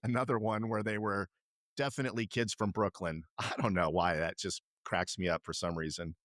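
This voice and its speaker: A man's voice: on the low side, fairly quick, dry recording, studio quality. A middle-aged man co-hosting a podcast, chatting casually and animatedly, swearing now and then. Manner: animated, swears casually, slips into kid-commercial impressions. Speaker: podcast co-host. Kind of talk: casual chat.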